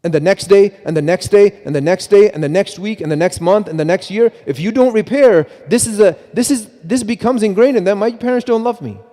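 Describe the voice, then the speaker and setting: A middle-aged man giving a mosque talk on parenting, animated, with many restarts and repeats, often quoting himself. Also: high voice, fairly quick, hardly any pauses. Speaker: preacher. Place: mosque hall. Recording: long hall reverb.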